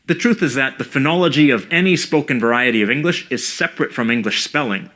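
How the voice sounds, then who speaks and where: Bright-voiced man narrating a linguistics lesson. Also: mid-range voice. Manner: measured, precise, explanatory. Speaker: language educator. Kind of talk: scripted educational narration.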